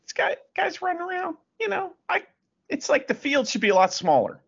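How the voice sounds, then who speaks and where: A man's voice: very high-pitched, sing-song, fairly quick, gravelly, fairly bright tone, muffled recording. A man co-hosting a podcast, chatting casually and joking profanely as he reads facts aloud with sarcastic asides. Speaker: podcast co-host. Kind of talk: casual chat.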